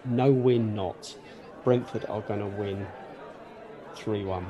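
A man's voice: fairly low pitch, fairly even intonation, slow pace, muffled recording, crowd noise. A man co-hosting a casual football fan podcast, chatty and full of hesitant fillers. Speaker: podcast co-host.

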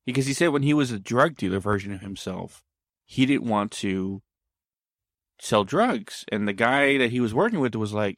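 Low-voiced man telling a rambling story. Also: lively intonation, normal speed, no echo, studio quality. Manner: meandering, backtracking storyteller. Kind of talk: casual storytelling conversation.

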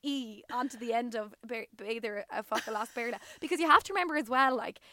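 A woman's voice: on the high side, fast, pushed and bright, no room sound. A woman with an Irish accent, a podcast guest casually explaining Irish words and slang in a playful way with lots of fillers. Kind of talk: casual chat.

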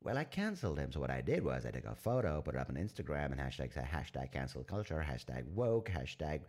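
Man doing a whiny, prickly special forces operative, indignant and self-righteous, low-voiced, pitch bouncing around. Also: very animated, brisk, darkish tone, heavily acted.

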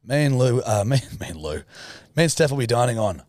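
A man's voice: mid-range voice, big pitch swings, a little fast, darkish tone, no echo. A man co-hosting a podcast in casual chat, blunt and teasing, swearing freely, recorded close on a dry mic. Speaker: podcast co-host.

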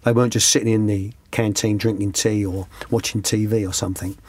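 A man's voice: lowish voice, steady tone, fairly quick, husky, no echo. Man, middle-aged, anecdotal interview guest, dry close sound. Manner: rambling, restarts, slips into quoted voices. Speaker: former youth coach, interview guest. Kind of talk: conversational anecdotes.

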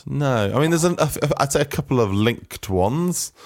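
A man's voice: medium pitch, expressive, normal speed, no echo, studio quality. A man co-hosting a podcast, running a quiz in a teasing way and laughing often. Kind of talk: casual chat.

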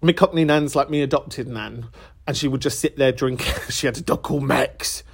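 A man's voice: mid-range voice, moderate pace, slightly rough. A man hosting a podcast, chatting casually and reacting to voicemails with bursts of laughter. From England. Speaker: podcast host. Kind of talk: casual chat answering voicemails.

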